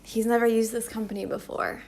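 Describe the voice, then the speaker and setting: A woman's voice: on the high side, level tone, brisk, gravelly, darkish tone, soft background music. A woman hosting a casual embroidery live stream, chatting on and rambling with frequent laughter. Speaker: embroidery livestream host.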